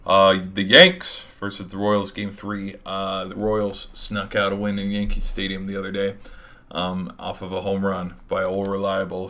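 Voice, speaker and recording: Low bright-voiced man hyping sports picks. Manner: rambling, hyped, casual with mild swearing. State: tired, voice giving out. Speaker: sports show host. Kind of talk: casual sports predictions.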